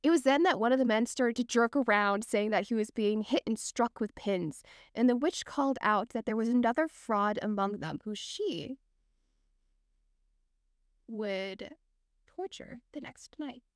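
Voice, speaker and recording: A young adult woman hosting a podcast, retelling a spooky legend in an animated, chatty way. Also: on the high side, unhurried, dry recording, studio quality. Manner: lively, animated retelling with quoted voices. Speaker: podcast host telling the story. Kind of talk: casual storytelling chat.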